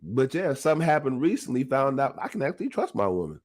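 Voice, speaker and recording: Animated man hosting his own podcast. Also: medium pitch, quick pace. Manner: animated, laughs often, talks straight to the audience. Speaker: podcast host. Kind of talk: casual motivational monologue.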